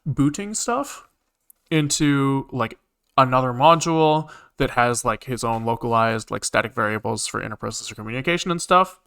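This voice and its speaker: Bright, clear-voiced man thinking aloud. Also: medium pitch, lively intonation, moderate pace. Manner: rambling, thinking aloud with many fillers and swearing. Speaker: programming streamer. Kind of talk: casual live-coding commentary.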